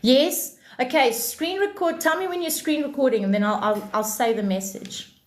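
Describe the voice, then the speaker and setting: A woman, hosting a live stream with casual spiritual chat, animated and blunt and swearing freely. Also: sits high, normal speed. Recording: echoey room.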